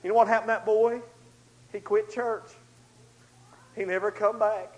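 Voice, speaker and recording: A man preaching a storytelling sermon, swinging between loud outbursts and hushed asides. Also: high-pitched, fairly even intonation, normal speed, low-quality recording.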